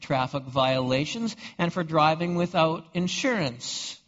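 A man voicing a stern male police officer who speaks in a flat, official way. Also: on the high side, a little slow. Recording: dull reverberant hall recording.

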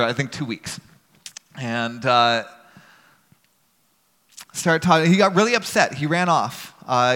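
A man's voice: medium pitch, a bit bright, big-room sound. A man earnestly telling a personal story to a church audience in a conversational way.

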